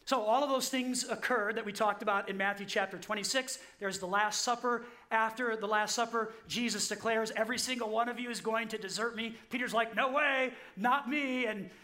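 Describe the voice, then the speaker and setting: A man preaching a sermon, telling the story vividly, acting out quotes and repeating key lines slowly. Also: high-pitched, steady tone, pushed and bright. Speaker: pastor.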